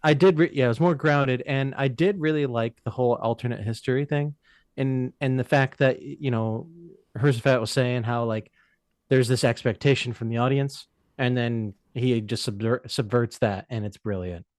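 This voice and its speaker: A man's voice: mid-range voice, fairly even intonation, normal speed, a little mellow, dry recording, studio quality. Opinionated man in a casual chat. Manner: opinionated, with hesitant fillers.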